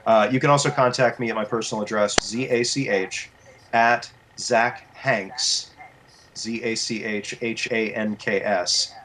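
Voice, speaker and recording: A voice actor and coach giving advice as an interview guest, animated and explanatory, restarting his sentences often. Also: fairly low pitch, a little slow, a little hiss or hum.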